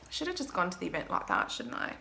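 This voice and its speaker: A woman's voice: lowish voice, huge pitch swings, fast, creaky, pushed and bright, slight background noise. A young woman, a makeup artist, chatting to viewers through a makeup tutorial vlog in a self-mocking way.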